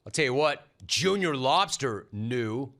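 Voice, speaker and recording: A man's voice: medium pitch, lively intonation, unhurried, fairly bright tone. A middle-aged man hosting a sports talk show, riffing in a sarcastic, punchy monologue. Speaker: sports radio host.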